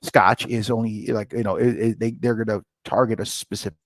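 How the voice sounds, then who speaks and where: A middle-aged man telling stories in a casual interview, animated and acting out dialogue, often jumping up in pitch. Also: a little fast, low-quality recording. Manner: animated, jumps to high excited pitch when retelling; many fillers and restarts, acts out quoted dialogue. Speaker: guest, scotch brand founder.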